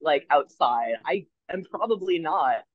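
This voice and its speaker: A man's voice: a little high, animated, a little slow, narrow, tinny audio, slight background noise. A man chatting casually as a podcast co-host, rambling through anecdotes and acting out what other people said. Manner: rambling anecdotes with acted-out quotes. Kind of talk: casual chat.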